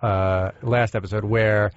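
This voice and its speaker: Chatty podcast host, dry dull sound. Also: male voice, lowish voice, flat delivery, clear, resonant tone, no echo. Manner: chatty, teasing, halting with fillers. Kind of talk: casual interview chat.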